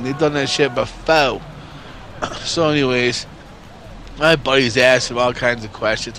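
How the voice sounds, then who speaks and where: A man's voice: mid-range voice, expressive, measured pace, bright, forceful tone, slight background noise. A man in his forties from New York State telling a story casually, rambling and swearing constantly. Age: 40s.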